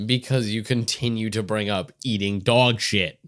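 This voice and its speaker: A man's voice: lowish voice, steady tone, moderate pace, a bit bright. A man co-hosting a casual podcast who reacts to his partner's jokes with exasperated protests. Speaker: podcast co-host.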